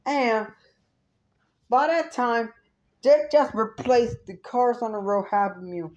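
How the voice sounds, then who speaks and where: Woman reviewer, slow indignant swearing rant, higher voice. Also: a little mellow, poor audio. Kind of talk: ranting review vlog.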